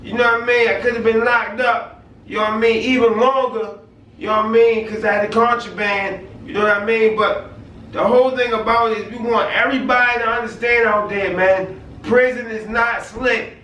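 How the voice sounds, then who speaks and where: A man with a very high, bright voice talks with motivational urgency, stopping often to ask "you know what I mean". He sounds set back from the microphone in an echoey room. A faint hiss runs underneath. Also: steady tone, brisk. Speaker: guest sharing life story. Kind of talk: casual conversation. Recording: roomy sound from a distant mic with faint noise.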